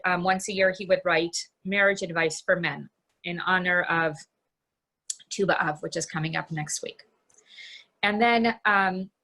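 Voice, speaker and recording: A middle-aged woman giving a candid personal talk from her home over a video call, halting and restarting often. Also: lowish voice, a bit bright. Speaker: guest speaker.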